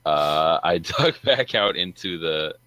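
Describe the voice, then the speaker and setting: A man's voice: low-pitched, lively intonation, slow, bright, forceful tone, poor audio. A man playing in a tabletop role-playing game, describing his moves eagerly with many "uh"s. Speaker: player. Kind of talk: tabletop role-play chat.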